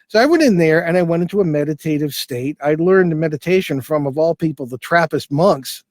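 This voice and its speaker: A man's voice: fairly high pitch, expressive, a little fast, dry recording. An older man, a guest in an interview, telling a long anecdote in a loose, rambling way with many restarts and fillers. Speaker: guest, paranormal investigator. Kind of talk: casual storytelling interview.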